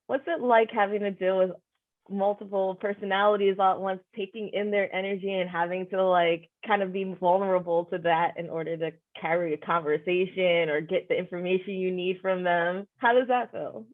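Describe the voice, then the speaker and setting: Over a narrow, phone-like line, a female podcast host carries on a conversational interview at a moderate pace. Her voice sits in the mid range, and she comes across as reflective and affirming, with frequent use of "you know."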